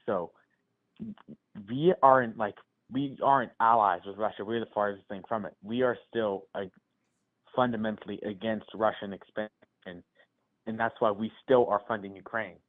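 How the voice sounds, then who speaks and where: Low-voiced male caller on a tinny phone line. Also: moderate pace. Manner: hesitant, restarts often.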